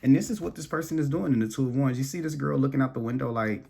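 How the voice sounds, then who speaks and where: A man's voice: mid-range voice, quick pace, vocal fry, hardly any pauses, warm tone. A man giving a casual tarot reading, rambling and restarting his words as he talks straight to the viewer. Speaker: tarot reader.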